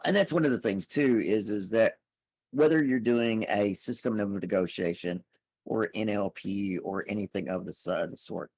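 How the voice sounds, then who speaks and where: Low gravelly man explaining things. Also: darkish tone, no echo. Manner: explains step by step, often repeats words at the start of a phrase. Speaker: podcast guest. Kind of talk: conversational explaining.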